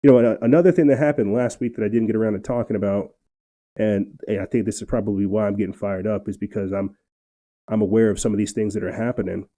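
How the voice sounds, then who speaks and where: A man's voice: fairly low pitch, fairly even intonation, fast talker, dark tone. A man hosting a political commentary podcast, reading news articles aloud and getting fired up, with frequent stammered restarts. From New Mexico, USA. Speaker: podcast host.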